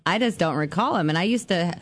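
A female radio co-host chats playfully on a morning show, laughing easily. Her pitch swings widely from line to line, which makes her sound lively and animated. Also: quick pace, dry recording. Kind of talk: casual radio banter. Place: radio studio.

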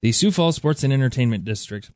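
A man's voice: mid-range voice, lively intonation, quick pace, darkish tone, no room sound, clean studio sound. A man co-hosting a radio show, joking and rambling with frequent laughs. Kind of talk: casual morning radio chat.

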